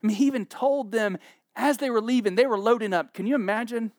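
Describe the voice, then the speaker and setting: Speaking fast in a high voice, this man in his forties is a pastor delivering a sermon. He animates scripture stories with jokes and character voices, and the recording has studio quality with no echo.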